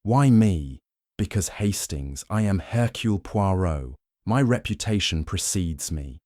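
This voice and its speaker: Fussy male detective, done by a man, French accent, soft but commanding, a little higher than the narration, dry close sound. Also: expressive, a little slow, no echo.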